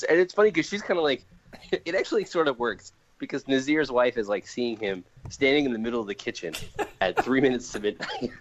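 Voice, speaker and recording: Male podcast co-host, chatty, expressive, lots of laughs. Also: mid-range voice, highs cut off, a little hiss or hum. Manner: animated, laughs often, acts out quotes. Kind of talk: casual chat about comics.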